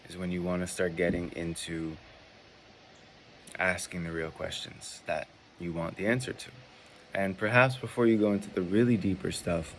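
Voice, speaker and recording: A man who mentors people in spiritual practice, teaching a calm, deliberate demonstration and repeating short phrases. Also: low-pitched, a little hiss or hum.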